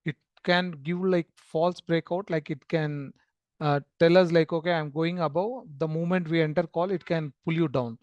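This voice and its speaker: A man walks through a trading chart as a screen-share lesson, explaining in a steady, filler-laden way. His voice sits a little high for a man and is recorded close and dry, with no room sound. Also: normal speed, no echo, lo-fi sound. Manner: explanatory, with frequent fillers and restarts. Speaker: trading educator.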